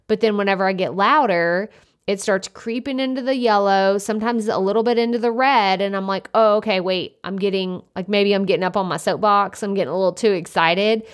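Loud chatty lady doing her solo podcast, mid-pitched voice, right up on the mic, super energetic. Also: brisk. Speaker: podcast host. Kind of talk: casual solo podcast talk. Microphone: studio podcast microphone up close.

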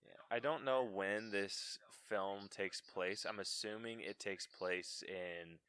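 Bright-voiced man, slangy and casual. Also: fairly low pitch, steady tone, smooth, no echo, studio quality. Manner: loose, slangy, quick to curse. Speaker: podcast co-host. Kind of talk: casual chat about a film.

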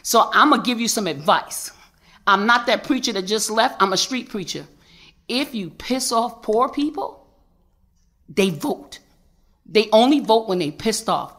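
A woman street preacher gives fiery testimony at a public hearing. She is angry and preaches at her listeners, hammering the same promises over and over. Her pitch sits at a middle level for a woman. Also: a bit bright.

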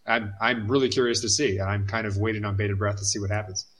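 This podcast co-host chats casually, thinking out loud and often repeating himself. He's a fast talker with a lowish, fairly bright voice and fairly even intonation.

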